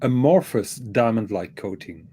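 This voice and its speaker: A man's voice: on the low side, animated, measured pace, mellow, slight background noise. A man in a live watch chat, teasing and a bit hesitant as he talks.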